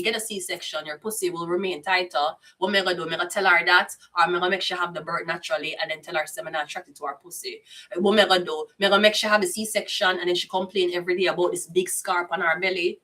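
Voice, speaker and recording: Jamaican woman, tarot reader, casual and profane, bright tense tone, a bit off-mic. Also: mid-range voice, distant mic. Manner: blunt, profane, chatty patois.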